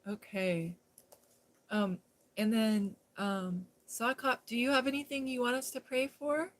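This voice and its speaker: A woman's voice: on the high side, level tone, a little slow. A middle-aged woman chatting casually with her viewers on a live stream, giggling often and speaking straight to people in the chat, recorded on her phone.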